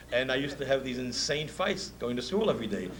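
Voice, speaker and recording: A man's voice: medium pitch, brisk, a little hiss or hum, low-quality recording. A man in his fifties with a New York accent, a music promoter telling stories in a speech and laughing often. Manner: animated storyteller, laughs often. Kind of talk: anecdotal speech.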